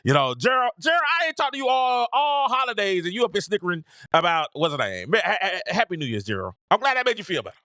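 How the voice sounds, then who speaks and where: A man hosting a call-in sports talk show, talking in an animated, exasperated way and often repeating himself. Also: sits high, quick pace, hardly any pauses, no room sound, studio quality.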